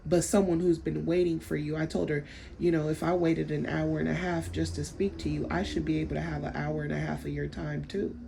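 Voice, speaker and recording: A woman's voice: deep voice, flat delivery, a little fast, vocal fry, mellow, a little hiss or hum. A woman telling a story in a casual, blunt way, swearing freely and repeating herself as she vents. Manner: rambling, repeats words while telling a story. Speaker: vlogger.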